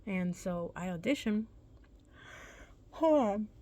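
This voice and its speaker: A woman's voice: medium pitch, animated, slow pace, dark tone. A young woman vlogger casually telling a personal story, rambling and correcting herself in a laid-back, chatty way.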